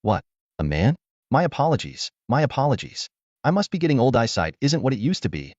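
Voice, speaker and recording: A man voicing an older, hearty veteran warrior who is resolute and proud, speaking in a booming, commanding way. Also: very animated, brisk, darkish tone, no echo, lo-fi sound. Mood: flustered.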